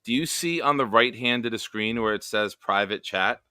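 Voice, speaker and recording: A man's voice: fairly low pitch, normal speed, sharp tone, clean tone, dry recording, clean studio sound. A man hosting a casual live stream over a video call, joking around and directing his co-host with crude humor. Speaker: show host.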